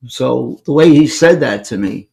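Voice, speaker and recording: A man's voice: mid-range voice, lively intonation, unhurried, creaky, mellow. A man, hosting a podcast and animatedly telling a personal story, acting out the dialogue. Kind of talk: casual storytelling.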